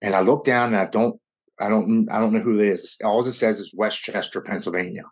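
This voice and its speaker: Man, husky voice, fairly low pitch, candid storytelling, earnest and raw. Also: steady tone. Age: adult with young children. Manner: earnest, raw, quickens and slows with emotion. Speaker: guest sharing his recovery story.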